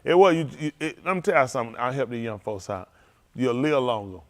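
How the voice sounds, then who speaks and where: A man's voice: medium pitch, lively intonation, fairly quick. A man preaching in a folksy storytelling sermon, laughing often and repeating phrases as he acts out quotes. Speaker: pastor.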